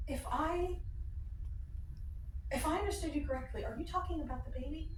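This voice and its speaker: An actress playing a young pregnant wife who is set on leaving her husband, speaking with a halting, forced calm. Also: sits high, background noise, lightly acted. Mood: bitter. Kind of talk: dramatic scene acting. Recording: roomy distant mic, faint ambience.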